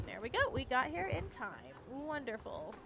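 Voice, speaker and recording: A young woman streaming a game, chatting casually and giggling while she thinks out loud. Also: sits high, wildly swooping pitch, moderate pace, creaky, over music. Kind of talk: casual gameplay commentary.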